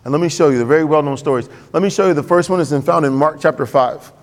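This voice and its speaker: A man with a high voice delivers a sermon in a lively, conversational way. He throws questions to the congregation and picks up speed as he goes. His words carry a long reverb from the church hall. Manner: conversational, quick and animated, asks the congregation questions. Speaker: pastor. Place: church sanctuary.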